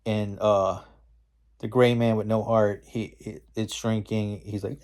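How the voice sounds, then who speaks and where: Slow, mellow-voiced man rambling. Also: lowish voice, steady tone. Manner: rambling, slangy, with many fillers and restarts. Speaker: movie reviewer. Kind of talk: casual scene-by-scene movie recap.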